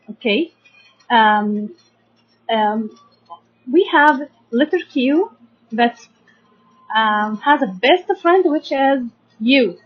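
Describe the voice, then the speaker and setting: A young Egyptian woman teaching primary science, patiently sounding out words syllable by syllable and checking in with her students. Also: high-pitched. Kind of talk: slow classroom explanation to children. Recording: dull lo-fi sound.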